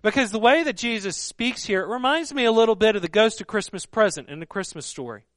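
Earnest high-voiced male preacher. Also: expressive, fast talker, dry recording, studio quality. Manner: earnest, emphatic, drops to a hushed voice for stress. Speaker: pastor. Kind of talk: sermon.

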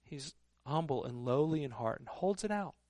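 A man preaching a sermon in an earnest, emphatic way, often dropping to a hushed voice for stress. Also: a little high, expressive, normal speed, no echo, studio quality. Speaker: pastor.

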